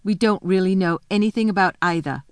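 A woman reading a storybook voices a sulky, suspicious younger boy who talks in low doubting tones. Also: fairly quick, dry recording, natural voice.

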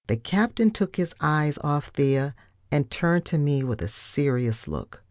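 A woman reading a children's story in an unhurried, lively way, her low voice moving a lot. The sound is dry and close. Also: dry recording. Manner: animated reading, first-person narration.

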